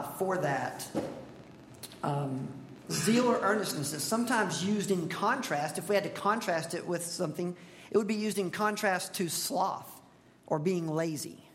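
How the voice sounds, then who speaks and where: A man's voice: high voice, a little hiss or hum. Man preaching in a reverberant hall. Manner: conversational, asks the congregation questions. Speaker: pastor. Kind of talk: expository sermon.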